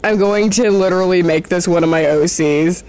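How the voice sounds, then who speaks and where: Drawing on camera, a teen vlogger talks at normal speed in a smooth, slightly mellow, mid-range voice. The commentary is giggly, casual, self-deprecating, and full of swearing, rambling as they often trail off and begin again.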